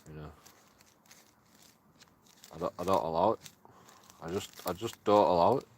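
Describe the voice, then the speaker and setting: A man's voice: deep voice, moderate pace, a little hiss or hum. A man streaming casually, coaxing his dogs in a singsong voice, swearing and making mock threats. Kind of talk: casual chat with his pets.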